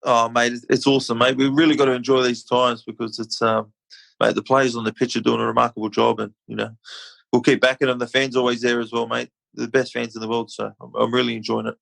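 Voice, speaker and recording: A man's voice: mid-range voice, quick pace, gravelly, low-quality recording. An Australian man, a retired rugby league player, chatting casually as a podcast guest and calling the host mate. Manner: relaxed, chatty, calls everyone mate. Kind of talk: casual interview chat.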